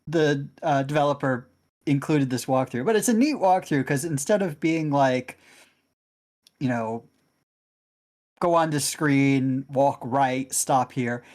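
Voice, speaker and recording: A man's voice: medium pitch, slow, darkish tone. A man co-commentating a game stream, explaining things in a rambling, hesitant way. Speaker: tournament organizer and co-commentator.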